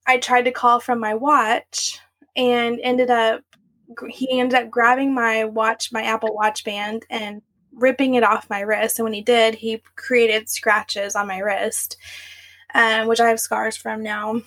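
A woman's voice: a little high, little pitch movement, a little slow, a bit bright. A young adult woman, a podcast guest, candidly recounting a personal story in a rambling, run-on way. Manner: candid, run-on storytelling with frequent "like" and "you know".

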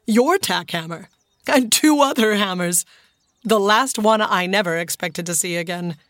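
A woman reading the lines of a gentle, generous older mother in a storybook. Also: mid-range voice, moderate pace, dry recording, studio quality, lightly acted.

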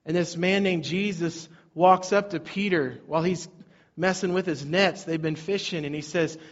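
A man's voice: high-pitched, fairly even intonation, normal speed, muffled recording. A man preaching a sermon in a conversational way, rising and falling in intensity. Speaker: pastor.

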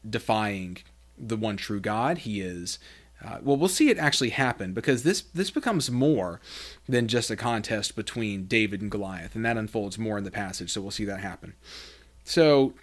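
On his Bible study podcast, a man reads verses aloud and unpacks their meaning, dramatizing quoted lines through sharp leaps in pitch.

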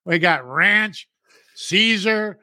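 A man's voice: high-pitched, lively intonation, extremely slow, pushed and bright, no echo, clean studio sound. A man co-hosting a casual chat show over a video call, ranting and swearing, acting out customers in put-on voices. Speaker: co-host.

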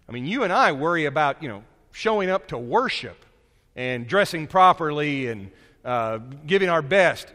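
Man, preacher, sermon, conversational, animated, high voice, long hall reverb. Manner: conversational, animated storytelling, frequent restarts.

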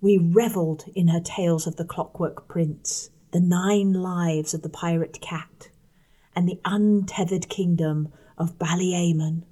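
A woman narrating a first-person story in a measured audiobook reading, letting her voice drop soft on the quiet passages. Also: on the low side, steady tone.

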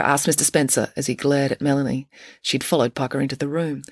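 A woman reading a children's chapter book aloud in an expressive, lively narration. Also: a bass voice, quick pace, no room sound, clean studio sound. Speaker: reader of her own story. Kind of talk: storybook narration.

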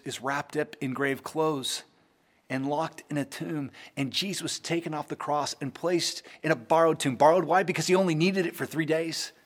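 A man preaching a sermon in a conversational way, with frequent word repeats, who swings between soaring emphatic peaks and hushed lows.

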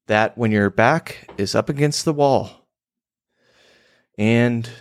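A man's voice: mid-range voice, takes it slowly, dry recording. A man hosting his own show, delivering a crude, emphatic monologue on copywriting. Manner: emphatic, provocative, crude and theatrical.

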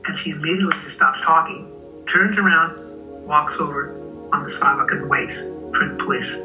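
Animated man retelling an accident. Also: on the high side, fairly quick, highs cut off, over music. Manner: vivid, acts out dialogue. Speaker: interviewee recounting an accident. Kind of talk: personal testimony.

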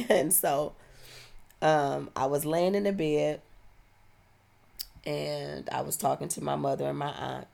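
A woman's voice: sits low, steady tone, takes it slowly, gravelly, long pauses, mellow. A woman, giving a heartfelt, reflective personal testimony. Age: 40s.

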